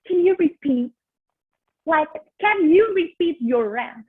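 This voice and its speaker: A woman's voice: very high-pitched, expressive, takes it slowly, voice pushed up, heavily acted. A teenage girl imitating her innocent, spacey friend who asks her to repeat herself. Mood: puzzled. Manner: blank, innocently puzzled asking. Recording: tinny phone-like audio.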